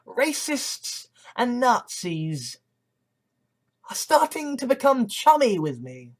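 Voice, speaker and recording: A vlogger talking in a casual monologue, rambling and halting with many restarts and nervous laughs, earnest and agitated, with some swearing. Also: medium pitch, sing-song.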